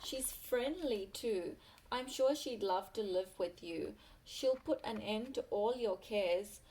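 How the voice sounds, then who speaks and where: A woman's voice: medium pitch, slow pace, darkish tone, lightly acted, rough recording. Wily downy duck, voiced by a woman. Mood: persuasive. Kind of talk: reading a picture book aloud.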